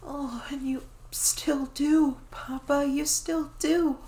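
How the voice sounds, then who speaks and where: A young woman voicing a devoted, eager dog-girl pet in a whispered role-play, breathy and pleading. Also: high-pitched, level tone, takes it slowly. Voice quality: breathy, soft and hushed. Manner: pleading, affectionate and clingy. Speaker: voice actor.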